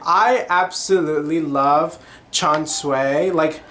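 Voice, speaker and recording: A young man talks on his own podcast in a loose, gushing ramble, leaning hard on filler words and bursting into bits of song. His voice sits a little higher than most men's. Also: slow pace, fairly bright tone, a little hiss or hum. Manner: chatty, gushing, lots of "like" and sung snippets. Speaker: podcast host. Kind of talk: casual solo chat.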